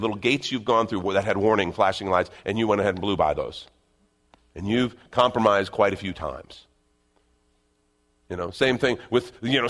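Low-voiced man preaching a lively sermon. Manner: conversational preaching, swinging from loud emphasis to hushed asides. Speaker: pastor.

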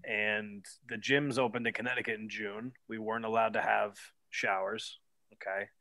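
A man's voice: lowish voice, flat delivery, moderate pace, gravelly, pushed and bright, no room sound. A man chatting on a podcast who makes his points emphatically and keeps checking in with "right?". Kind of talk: casual podcast chat.

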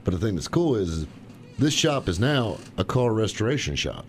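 A man's voice: on the low side, big pitch swings, moderate pace, slight background noise. A man co-hosting a radio show, chatting with enthusiasm and jokes about classic cars. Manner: enthusiastic, joking car talk. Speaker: co-host. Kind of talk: casual radio show chat.

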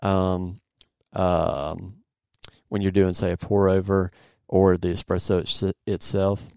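A man's voice: low voice, flat delivery, slow pace, gravelly, darkish tone, smooth, no room sound. A man hosting a casual podcast, joking around and rambling a bit as he searches for his words. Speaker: podcast host. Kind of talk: casual podcast chat and interview.

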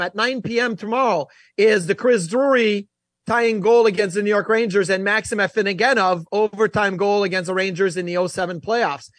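High-voiced energetic sports talk host. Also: male voice, no echo, clean studio sound.

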